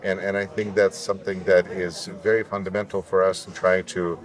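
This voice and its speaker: A Russian-born man, a native Russian speaker, with a deep announcer-like voice, speaking earnestly and reflectively as an interview guest. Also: level tone, a little fast. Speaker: guest, local elected official. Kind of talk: conversational interview.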